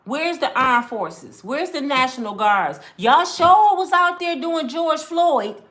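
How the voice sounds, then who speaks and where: A woman's voice: high voice, lively intonation, takes it slowly, fairly bright tone. A woman, ranting angrily to camera, swearing and repeating herself. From Michigan, US. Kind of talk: angry personal rant.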